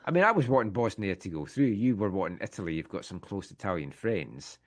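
A man's voice: low voice, lively intonation, brisk. Blunt man talking football. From Scotland. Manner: opinionated, matter-of-fact football talk. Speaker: co-host. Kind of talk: casual chat.

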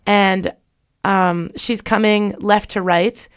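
A young woman hosts a laid-back podcast. She tells stories in a rambling, chatty way and fills her sentences with "like". Her voice is smooth and clear, and sits at a middle pitch. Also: fairly even intonation, takes it slowly. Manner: chatty storytelling with frequent "like". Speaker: podcast host. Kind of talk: casual podcast chat.

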